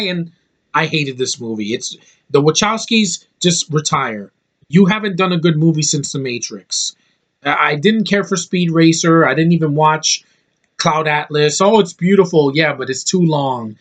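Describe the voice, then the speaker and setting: A man's voice: on the high side, fairly bright tone. A young man giving a blunt, profane movie review, full of restarts and fillers. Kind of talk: casual ranting review.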